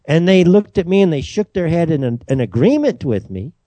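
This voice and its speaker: Heated, animated man ranting. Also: fairly high pitch, brisk, dry recording. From United States. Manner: emphatic and repetitive, heated storytelling. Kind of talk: ranting monologue.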